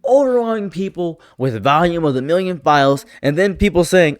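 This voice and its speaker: A man's voice: animated, normal speed. A man delivering a sarcastic, exasperated political commentary rant, jumping his voice up for mocking asides. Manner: sarcastic, exasperated, swings pitch for mock voices. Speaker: commentary streamer.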